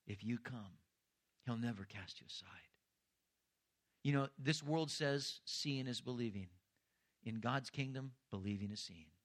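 A middle-aged man preaching a sermon as pastor, earnest and rising to emphatic intensity. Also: medium pitch.

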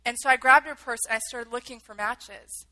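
Bright-voiced woman telling a gripping story. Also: fairly high pitch, a little fast, low-quality recording. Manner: vivid, emotional retelling with acted-out quotes. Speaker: speaker telling a personal story. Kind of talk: dramatic personal storytelling.

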